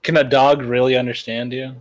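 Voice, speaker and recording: A man's voice: mid-range voice, level tone, fairly quick, low-quality recording. Wry joking man at the game table. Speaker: player. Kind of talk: casual tabletop game chat. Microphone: voice chat over internet.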